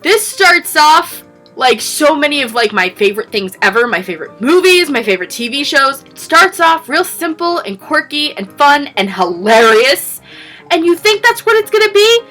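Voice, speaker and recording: A woman's voice: high voice, very animated, moderate pace, sharp tone, soft background music. A young adult woman vlogging about her favorite graphic novels, gushing and effusive, piling up superlatives. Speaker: book vlogger. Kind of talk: enthusiastic book review vlog.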